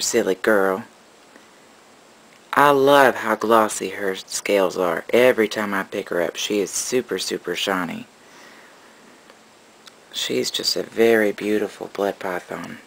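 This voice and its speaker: A man's voice: lowish voice, animated, unhurried, vocal fry, long pauses, fairly bright tone, low-quality recording. A man narrating a casual vlog about his pet reptiles, rambling and affectionate, cooing at his animals. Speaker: reptile keeper.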